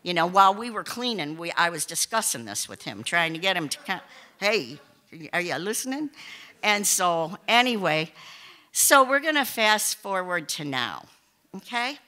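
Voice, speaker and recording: A woman's voice: on the low side, very animated, normal speed, pushed and bright. A woman telling a personal story on stage to a live audience, chatty and emphatic with many asides and restarts.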